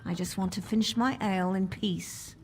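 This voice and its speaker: A woman's voice: steady tone, moderate pace, background noise, lightly acted. A woman voicing a wary tavern patron in a fantasy video game who mutters to herself while drinking alone. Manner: low-key, wary muttering.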